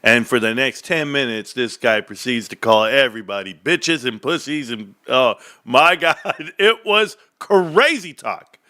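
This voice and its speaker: 40s guy ranting to his viewers, jokey and all over the place, pitch bouncing up and down. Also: expressive, unhurried, hardly any pauses, sharp tone, no echo, studio quality. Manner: rambling, joking, tangent-prone. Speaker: stock market vlogger. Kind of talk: casual rant to viewers.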